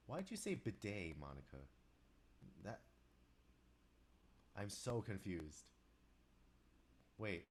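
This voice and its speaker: A man's voice: sing-song, takes it slowly, long pauses, a little hiss or hum. A man with a stuffy nose, chatting to viewers in a live stream as he composes, rambling and distracted. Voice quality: deepened, congested voice. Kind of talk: casual live-stream chat while working.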